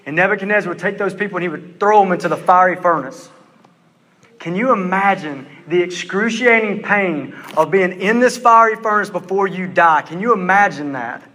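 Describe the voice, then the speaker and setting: Male preacher, high bright voice, intense emphatic sermon delivery, long hall reverb. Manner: intense, emphatic, slows down for stress.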